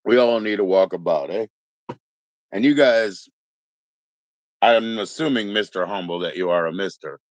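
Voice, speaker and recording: A man's voice: on the low side, normal speed, pauses often, no room sound. A man chatting casually on a live stream, rambling and laid-back as he greets viewers one by one. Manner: rambling, laid-back, greets chat members, mock Aussie slang. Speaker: livestream host.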